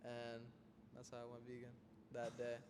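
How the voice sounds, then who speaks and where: Young adult male podcast host, animated, vivid storyteller, mid-pitched voice in a reverberant room with faint hiss. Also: normal speed. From Florida, United States.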